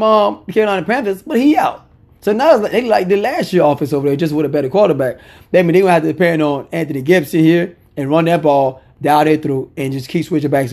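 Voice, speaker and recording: A man with a fairly high, gravelly voice rattles off his football betting picks. He is casual and opinionated, and he repeats short phrases to hammer home his point. The tone is loose and conversational. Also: a little mellow. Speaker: sports picks commentator.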